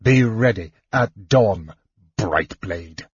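A man voicing a bitter, proud knight lord who talks softly with a shaking, menacing voice, on a muffled lo-fi recording. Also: lowish voice, expressive, slow, breathy edge, no echo, heavily acted. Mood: gloating.

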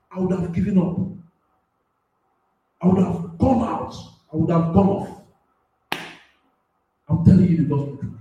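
A man preaching a sermon on a radio platform, swinging between loud shouting and soft asides and laughing often. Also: high voice, lively intonation, normal speed, pauses often, heavy reverb, far from the mic, rough recording.

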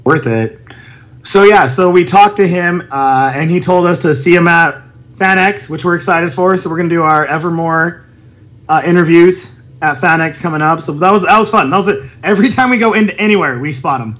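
A man co-hosting a casual podcast, talking in a fairly high voice. He is animated and laughs often, and now and then he drops into silly impressions. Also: fairly quick. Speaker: podcast co-host. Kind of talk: casual chat.

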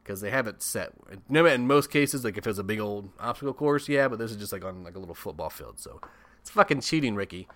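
A man's voice: lowish voice, animated, fast talker, fairly bright tone, dry recording. A man casually recapping a horror film, swearing often, chuckling and tossing in comic asides. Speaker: podcast host.

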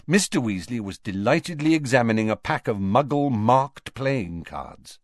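A man reading an audiobook aloud in an expressive, varied way. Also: mid-range voice, moderate pace, no room sound, clean studio sound. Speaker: audiobook reader. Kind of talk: audiobook narration.

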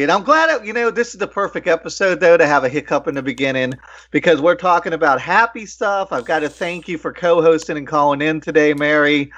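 A man's voice: a little high, fairly bright tone, lo-fi sound. Playful man hosting a podcast. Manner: jokey, hammy introductions. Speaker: podcast host.

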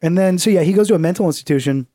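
A man's voice: sits high, very fast, warm tone, dry recording, studio quality. A man co-hosting a casual comedic chat, loose and profane, with lots of fillers. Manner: loose and profane, full of fillers, slips into mocking voices. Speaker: podcast co-host.

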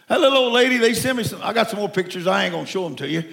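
Man, 70s, from Mexico. Preacher giving a sermon. Raised, gravelly delivery with folksy stories and sudden shouting. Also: high voice, racing. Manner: folksy, animated storytelling with bursts of shouting.

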